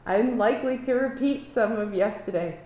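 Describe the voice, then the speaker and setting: A woman teaching a live kundalini yoga class, giving calm movement cues and sharing earnest reflections. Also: a little high, normal speed. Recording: echoey room.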